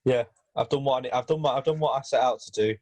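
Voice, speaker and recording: A man's voice: medium pitch, fast talker, a little mellow. A man co-hosting a casual football podcast, hesitant with many fillers and restarts. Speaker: podcast host.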